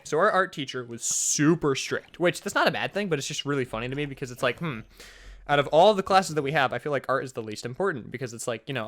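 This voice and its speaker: A young man in his twenties telling a funny school story in casual vlog chat, full of fillers, and he jumps up high for exclamations. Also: fairly bright tone. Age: young adult. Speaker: storytelling vlogger.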